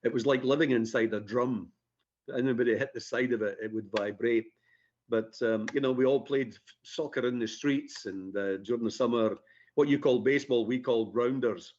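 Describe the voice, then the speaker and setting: A man's voice: mid-range voice, moderate pace, darkish tone, dull audio, slight background noise. Chatty Scottish man on a radio show. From Scotland. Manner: chatty, self-deprecating storyteller with many fillers. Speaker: guest. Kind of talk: radio interview.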